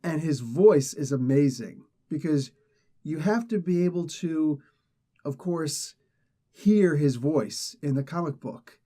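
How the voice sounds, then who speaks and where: A man's voice: on the high side, animated, slow pace, dark tone. A man casually reviewing a comic book, rambling and correcting himself as he gives his opinions. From not British.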